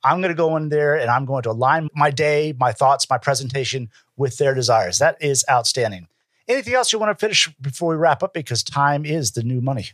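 A man hosting an interview podcast, enthusiastic and quick-witted in casual chat. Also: medium pitch, fairly bright tone, no room sound. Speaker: podcast host.

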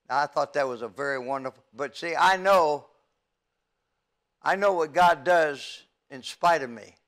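A man's voice: on the high side, unhurried, fairly bright tone. Older man giving an earnest testimony. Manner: stammering, earnest storytelling. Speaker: youth evangelist. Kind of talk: testimony sermon.

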